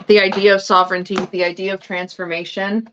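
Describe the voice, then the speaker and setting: A woman talks casually on a livestream and drops swear words without a second thought. Her pitch sits in an ordinary middle range. The sound is dull and a little lo-fi. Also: flat delivery, brisk, noisy background. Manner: chatty, eats while talking, swears casually. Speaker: tarot livestream host.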